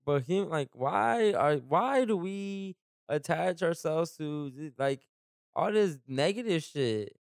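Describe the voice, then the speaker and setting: A man's voice: on the high side, expressive, slow, creaky, clear, resonant tone, dry recording, studio quality. A young man co-hosting a casual chat, talking in profane slang with frequent restarts.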